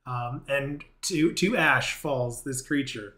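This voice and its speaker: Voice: medium pitch, slow pace. Echoey game master calling turns. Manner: relaxed, calls turns and rulings. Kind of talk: running a tabletop game.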